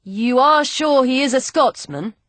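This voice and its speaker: A woman's voice: sits high, expressive, a little slow, a bit bright, no room sound, voice pushed up. A woman reading an audiobook, voicing a stern male naval officer who speaks curtly and grimly. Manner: curt, grim.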